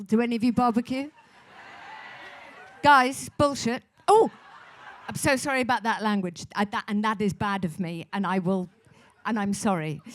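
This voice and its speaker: A middle-aged woman, a guest on a festival stage, talking in a chatty, rambling, self-deprecating way into a stage microphone. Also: a little high. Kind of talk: live on-stage conversation. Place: festival stage before an audience.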